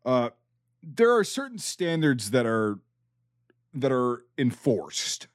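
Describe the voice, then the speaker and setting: A man's voice: medium pitch, big pitch swings, takes it slowly, no room sound, studio quality. A man hosting a casual podcast, talking bluntly and sardonically with plenty of swearing. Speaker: podcast host, former National Guard soldier.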